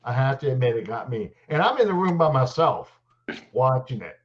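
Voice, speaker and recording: A man chatting casually about sports as a show co-host, speaking at a middling pitch. He rambles and restarts his sentences, and he turns animated as his stories pick up. His voice comes through dull and lo-fi over a call. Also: brisk. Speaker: podcast co-host. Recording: dull lo-fi audio.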